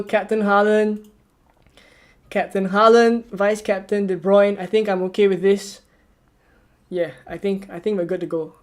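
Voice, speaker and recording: A man hosting a live stream, chatting casually and repeating himself excitedly as news comes in. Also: high voice. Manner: excited, repetitive, reacting live. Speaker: livestream host.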